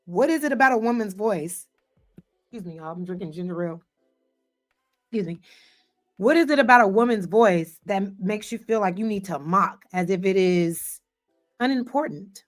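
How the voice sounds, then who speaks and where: A woman hosting an online commentary show, reacting to a panel clip in an animated, emphatic way and speaking to her chat. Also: medium pitch, unhurried, pauses often, soft background music. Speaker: commentary host.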